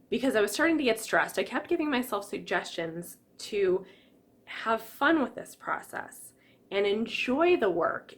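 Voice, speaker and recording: A woman coaching stress relief in a lively teaching manner, acting out little quoted reactions as she explains. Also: lowish voice. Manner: lively, acts out quotes with exclamations. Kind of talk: teaching an online class.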